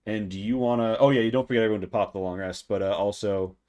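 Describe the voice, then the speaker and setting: Low-pitched male game master, loose rambling narration. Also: fast, a little mellow, dull audio. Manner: rambling, filler-heavy description.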